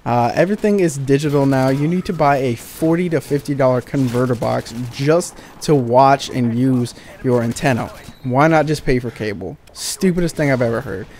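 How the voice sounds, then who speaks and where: A man's voice: mid-range voice, moderate pace, few pauses, darkish tone. A young man telling exasperated, sarcastic, profane stories about retail customers over gameplay. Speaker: gaming channel commentator. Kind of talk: ranting storytime over gameplay.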